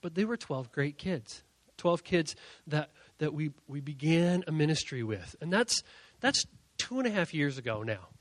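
A young male youth pastor telling a story in a sermon, animated, dropping to quiet asides and then rising to shouts. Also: a little high, moderate pace, no room sound.

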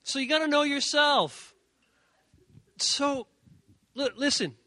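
A man giving an energetic youth sermon, animated, repeating his key points and acting out quoted voices. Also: extremely high pitch, slow, no room sound. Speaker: youth speaker.

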